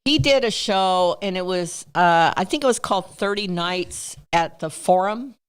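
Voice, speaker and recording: A woman chatting on a podcast, her voice smooth and clean. She tells long stories in an animated way. When she quotes other people she lifts her voice high. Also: unhurried. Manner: animated storyteller, acts out quotes in raised voice. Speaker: guest telling stories. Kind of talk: casual storytelling in a podcast interview.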